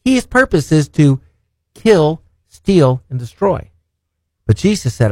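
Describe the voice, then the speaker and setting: A man preaching a sermon and reading scripture as a broadcast host, earnest and emphatic, asking rhetorical questions and slowing down on key phrases. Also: on the high side, sing-song, a little mellow, dry recording.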